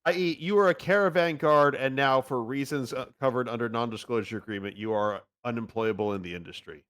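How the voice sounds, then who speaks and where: A man's voice: medium pitch, fairly bright tone. Joking man at a tabletop game. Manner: joking, quick-witted. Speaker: player. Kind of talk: casual tabletop chat.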